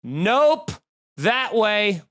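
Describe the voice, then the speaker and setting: A man's voice: high-pitched, sing-song, drawn-out words, a bit bright, full character voice. A man mimicking a curt young security guard. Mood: dismissive. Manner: curt, brushing people off. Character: rude young male airport security guard, dismissive.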